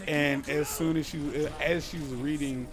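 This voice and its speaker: A man's voice: a little high, steady tone, unhurried. A man casually telling a creepy story as a podcast co-host, rambling, swearing and interrupting himself. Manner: profane, rambling, self-interrupting.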